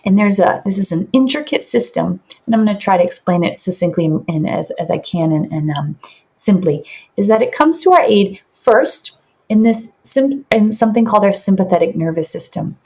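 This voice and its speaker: A woman's voice: medium pitch, animated, moderate pace, warm tone. Earnest woman explaining in a podcast. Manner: earnest, teaching, uses vivid examples. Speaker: podcast guest, somatic practitioner.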